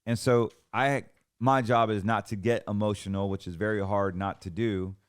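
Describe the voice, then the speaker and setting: A man's voice: fairly low pitch, steady tone, normal speed, clear, resonant tone, no echo, studio quality. A man hosting a financial show, ranting in heated, emphatic commentary and often restarting his sentences.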